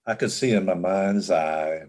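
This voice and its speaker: Older male guest on a video call; deep, slow, halting storyteller. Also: darkish tone. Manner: halting, with frequent restarts and fillers. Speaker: interview guest. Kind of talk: reflective personal storytelling.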